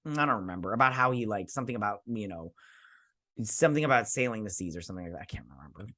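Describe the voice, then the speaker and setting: A man's voice: on the low side, lively intonation, racing, pushed and bright, dry recording, clean studio sound. A man hosting a casual TV episode review, rambling and sarcastic. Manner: rambling, sarcastic, acts out characters. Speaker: show host reviewing a TV episode.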